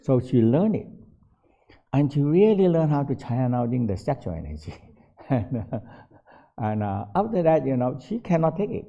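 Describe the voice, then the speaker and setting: An older meditation teacher, not a native English speaker, tells stories at a casual workshop in broken English, laughing often. His mid-range voice is very animated, creaky, and mellow at a moderate pace, captured on a dull lo-fi recording.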